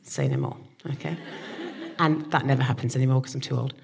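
A woman in her forties, a comedian co-host telling a sweary, animated story live on stage. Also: a bass voice, a little fast, creaky. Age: 40s.

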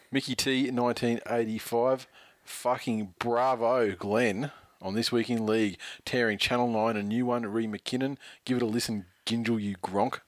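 A man's voice: medium pitch, steady tone, a little slow, dry recording. An Australian man co-hosting a casual sports podcast, dryly reading out listener messages and swearing between laughs. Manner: dry, reads tweets aloud with laughs and swearing.

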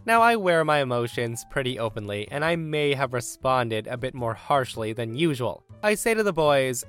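A man reads a Reddit story aloud at a brisk, steady pace. His voice sits at an ordinary middle pitch, with soft music underneath. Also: smooth. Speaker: narrator.

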